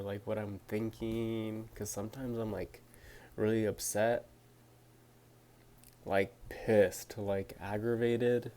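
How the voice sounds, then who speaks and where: Speaking into his phone camera, a young man answers questions from viewers in a fairly low, slightly mellow voice. He sounds hesitant, using many fillers and restarting sentences, with a little noise in the background.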